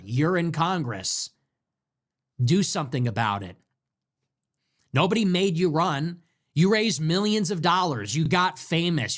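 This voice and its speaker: Sarcastic, animated male commentary host. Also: on the high side. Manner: sarcastic and mocking, with crude insults. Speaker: political commentary show host. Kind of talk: political commentary monologue.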